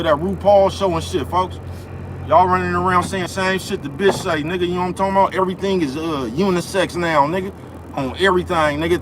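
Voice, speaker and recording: His voice high and fairly bright, with a little hiss or hum on the recording, a young man rants through a livestream outdoors in the cold by traffic. He swears, repeats himself, and keeps asking listeners "you know what I'm talking about."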